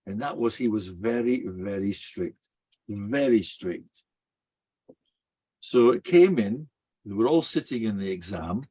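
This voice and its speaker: Husky-voiced rabbi giving a folksy sermon. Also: male voice, on the low side, darkish tone. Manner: folksy storyteller weaving in Hebrew and Yiddish terms. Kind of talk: sermon with storytelling. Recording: dull, muffled lo-fi recording.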